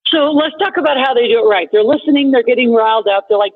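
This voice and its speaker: A woman's voice: on the high side, slightly rough. A woman hosting a talk show, chatty and filler-heavy in casual conversation. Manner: chatty, quick-talking with many fillers. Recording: tinny phone-like radio sound.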